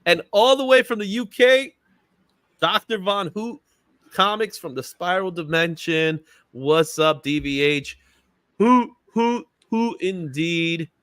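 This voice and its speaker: In a dry, clean studio recording, a man with a high, slightly bright voice speaks unhurriedly while hosting a casual livestream. He stays upbeat and talkative, laughing often, greeting chat viewers by name, and tossing in "you know what I'm saying."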